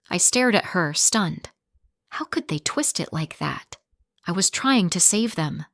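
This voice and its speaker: A woman reads a first-person story with steady, dramatic pacing. Her voice sits on the low side, and the sound is close and dry with no room around it. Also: measured pace, dry recording.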